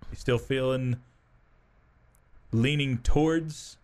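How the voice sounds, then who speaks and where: Guy hosting sports talk radio, easygoing chatty delivery, mid pitch, keeps tossing questions to his cohost. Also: steady tone, slow pace, darkish tone. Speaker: fill-in sports radio host. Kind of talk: morning sports talk show chat.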